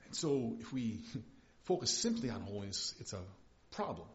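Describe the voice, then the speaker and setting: Male pastor, mid-pitched, talking a sermon through in an easy, emphatic way; slightly dull lo-fi recording. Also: animated, a little fast, fairly bright tone. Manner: conversational, emphatic, with frequent restarts.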